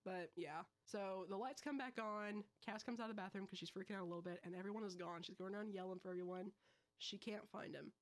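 A woman's voice: mid-range voice, fast talker. A young adult woman hosting a podcast, recapping a movie in breezy, casual chat with slangy asides. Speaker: podcast host. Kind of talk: casual film review chat.

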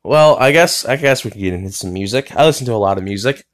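A man's voice: medium pitch, animated, fast. A young man talking casually on his own podcast from his bedroom, rambling with plenty of fillers, restarts and swearing. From United States. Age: young adult. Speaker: podcast host. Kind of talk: rambling solo podcast talk.

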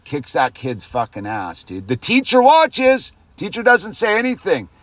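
A man's voice: wildly swooping pitch, unhurried, no room sound. A man hosting a podcast, delivering a heated, profane rant that keeps ending on a dropped "dude". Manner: heated and profane, peppers lines with "dude", swings loud then drops low. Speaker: podcast host. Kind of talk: profane ranting monologue.

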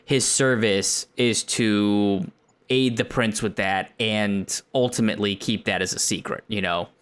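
A man talking casually about a film on a podcast, rambling with lots of fillers and getting animated when excited. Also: on the low side, measured pace, clean tone. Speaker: podcast co-host.

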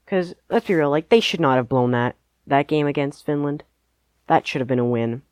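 A man's voice: fairly high pitch, normal speed, darkish tone, clean tone, no echo. Guy rambling through sports picks on a podcast, lots of likes and ums, dead dry sound. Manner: rambling, hedging, many "like"s. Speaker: podcast co-host. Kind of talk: casual sports chat.

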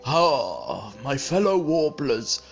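A man's voice: very animated, gravelly, lo-fi sound, soft background music, heavily acted. A man voicing a jolly, crude Father Christmas, laughing ho-ho-ho and drawing out his words theatrically. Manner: booming ho-ho laughter, drawn-out theatrical delivery.

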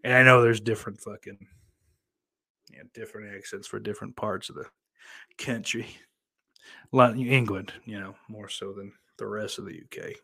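A man's voice: fairly low pitch, fairly even intonation, normal speed, vocal fry, long pauses, sharp tone, breathy edge. A man with a Southern US accent, hosting and reading chat messages aloud, rambling and swearing bluntly. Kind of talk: casual chat.

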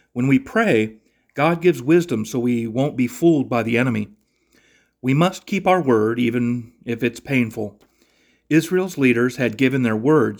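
A man reading a Bible passage aloud in a steady, measured cadence, then giving a short devotional reflection and prayer as a podcast host. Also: medium pitch.

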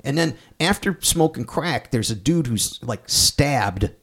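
A man's voice: medium pitch, lively intonation, unhurried, fairly bright tone, husky. A man co-hosting a podcast, talking casually about a film and rambling through restarts and fillers. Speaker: podcast co-host.

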